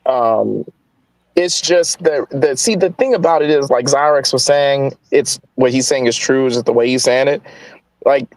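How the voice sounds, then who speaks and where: A man's voice: mid-range voice, normal speed, a little mellow, no echo, low-quality recording. A man co-hosting a live stream, giving casual commentary in a rambling, hesitant way. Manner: rambling, hesitant with many fillers. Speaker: show co-host.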